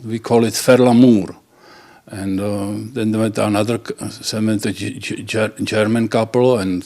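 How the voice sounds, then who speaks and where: Man, joke teller, halting, restarts words, mid-pitched. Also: darkish tone. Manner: halting, restarts words, laughs at own punchlines. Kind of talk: telling dirty jokes.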